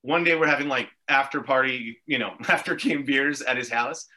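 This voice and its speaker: Bright-voiced rambling Montreal guy. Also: mid-range voice, normal speed. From Montreal, Canada. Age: adult with three children. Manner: rambling, tangential storytelling with frequent swearing. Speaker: podcast guest, actor. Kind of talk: casual chat.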